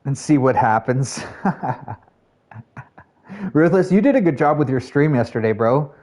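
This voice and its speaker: A man streaming a shooter game, chatting casually with his viewers in a rambling, filler-heavy way that jumps to excited highs. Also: brisk. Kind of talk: casual live-stream gameplay chat.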